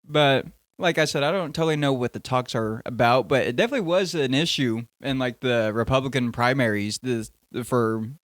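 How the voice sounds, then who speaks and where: A man's voice: medium pitch, brisk, no room sound, clean studio sound. A young man hosting a casual podcast, rambling and joking, often cutting himself off mid-sentence. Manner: rambling, jokey, self-interrupting. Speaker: podcast host.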